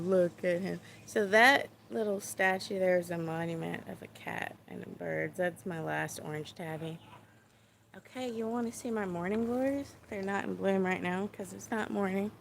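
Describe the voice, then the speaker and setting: A woman's voice: on the low side, measured pace, vocal fry, a little hiss or hum. A tipsy woman vlogging into a handheld phone, chatty and profane, rambling as she thinks aloud. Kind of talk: casual rambling vlog.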